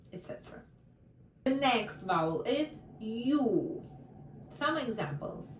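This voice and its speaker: A woman's voice: medium pitch, animated, slow, distant mic. A woman from Central Asia teaching a Russian language lesson online, carefully saying each example word twice. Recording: roomy echo, voice from away from the mic.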